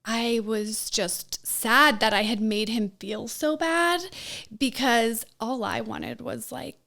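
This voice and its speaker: A woman's voice: a little high, slow pace, vocal fry, pushed and bright. A woman telling her personal story as a podcast guest, emotional and given to laughing, with many fillers.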